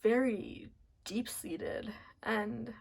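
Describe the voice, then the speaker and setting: A woman giving a casual pick-a-card tarot reading, soft and rambling with many fillers, teary and choked up. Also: fairly high pitch, fairly even intonation, extremely slow, vocal fry, breathy edge. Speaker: tarot reader.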